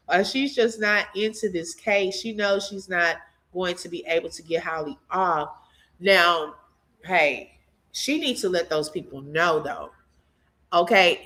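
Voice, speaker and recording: A woman hosting a casual live commentary, reading viewer comments aloud, chatty and animated, laughing often and talking straight to her viewers. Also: mid-range voice. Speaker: channel host reacting to a court case.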